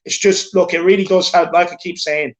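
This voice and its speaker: Irish man, high-pitched, chatty and repetitive, live-stream host, phone mic. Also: fairly even intonation, brisk. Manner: chatty, repeats himself, calls people "my man" and "lad". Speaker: show host reading super chats. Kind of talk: casual live-stream chat.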